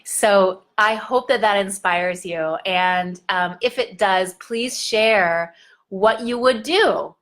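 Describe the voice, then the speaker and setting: A woman's voice: mid-range voice, a bit bright. Earnest woman coaching on confidence. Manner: earnest, guiding, with slow drawn-out emphasis. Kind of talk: motivational self-help talk to camera.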